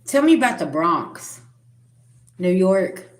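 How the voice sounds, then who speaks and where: A woman's voice: lowish voice, very animated, slow pace. A woman giving a spiritual reading straight to the viewer, earnest and direct. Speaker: spiritual reader. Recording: roomy echo.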